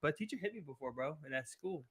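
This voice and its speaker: A young man with a Baltimore accent chats on a podcast, loose and slangy. He laughs often. His voice sits a little high. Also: animated, racing, slightly rough. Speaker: podcast co-host. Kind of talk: casual chat.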